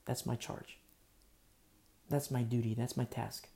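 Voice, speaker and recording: A man preaching a sermon as pastor, emphatic and repetitive, swinging between loud bursts and hushed asides. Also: medium pitch, level tone, a little slow, creaky. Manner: repetitive, with frequent fillers.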